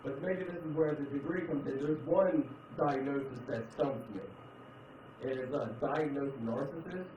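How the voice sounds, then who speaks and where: A man doing a stand-up comedy set, chatting with the audience and switching between loud put-on voices and low mutters. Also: moderate pace, background noise. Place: comedy club stage. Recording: echoey club, distant mic, dull sound, crowd laughter.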